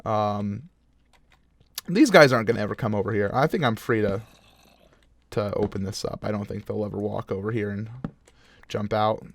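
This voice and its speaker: Animated young man telling a dream story. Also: on the low side, normal speed, pauses often. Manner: animated, laughing storyteller with frequent fillers. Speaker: gaming video host. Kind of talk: casual storytelling while playing a game.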